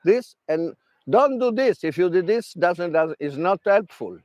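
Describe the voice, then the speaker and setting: Italian-accented man, high voice, dry close sound, broken English, lively coaching talk. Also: unhurried, no room sound. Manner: broken English, animated, demonstrates with gestures. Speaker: tennis mental coach. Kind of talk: workshop talk.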